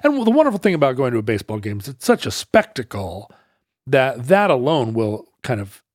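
Casting: middle-aged man, lively storyteller, dry close sound, mid pitch. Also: fairly quick, dry recording. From Seattle area. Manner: animated, acts out loud brash characters in his anecdotes. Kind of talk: casual storytelling chat.

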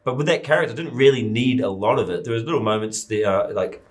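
A man's voice: medium pitch, fast talker. A man with a New Zealand accent, a film director guest in a casual interview, talking in a loose, rambling way full of fillers.

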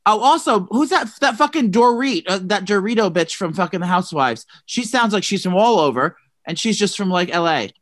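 A podcast co-host gossiping casually, animated and profane, with sudden jumps up in pitch. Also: fairly quick, no room sound, studio quality.

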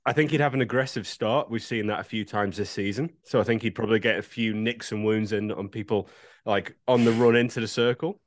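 Low-voiced man joking on a podcast. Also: steady tone, brisk. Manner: playful, spins comic scenarios. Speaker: podcast co-host. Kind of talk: casual panel chat.

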